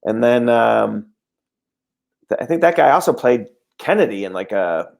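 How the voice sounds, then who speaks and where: A man guesting on a podcast, chatting loosely and halting between thoughts. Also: medium pitch, gravelly. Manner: relaxed, halting with fillers. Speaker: guest comedian. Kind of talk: casual chat.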